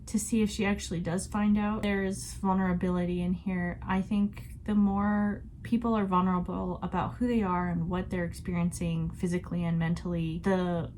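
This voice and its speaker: A woman's voice: fairly low pitch, little pitch movement, moderate pace, few pauses, darkish tone, a little hiss or hum. A woman vlogging about a book she is reading, in a chatty, reflective way. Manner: chatty and reflective, laughs often. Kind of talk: casual book discussion.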